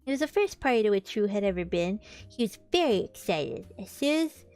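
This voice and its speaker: A woman's voice: mid-range voice, big pitch swings, fairly quick, darkish tone, clear, resonant tone, faint music behind. A woman streamer reading a children's book aloud, in a casual tone with joking asides. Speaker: vtuber storybook reader.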